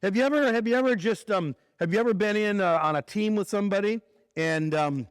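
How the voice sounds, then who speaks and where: A man preaching at a conference, his voice on the higher side, telling a story with lively swings between light asides and low, earnest points. The sound is dry and close, with no room echo. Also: brisk, clean tone. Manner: animated storyteller, voice drops low for serious points. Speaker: conference speaker. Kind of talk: conversational sermon with storytelling.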